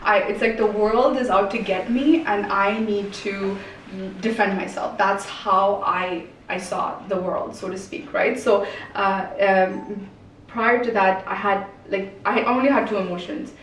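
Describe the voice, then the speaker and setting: A woman speaking as a roundtable guest in fast, casual talk full of "like" and "right?". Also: mid-range voice, fairly even intonation. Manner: fast, filler-heavy, says "like" and "right?" often. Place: community event room. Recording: echoey room, distant mic, faint noise.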